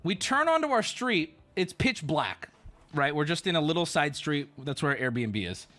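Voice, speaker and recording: A man who streams, telling a story in an animated, exclamatory way with swearing. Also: a little high, normal speed. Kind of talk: casual storytelling.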